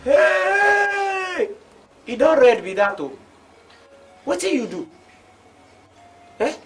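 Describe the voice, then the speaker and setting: A man's voice: mid-range voice, animated, a little slow, recorded from a distance, faint music behind. An actor playing a teasing co-worker who coaxes his friend, speaking with a Nigerian Pidgin accent.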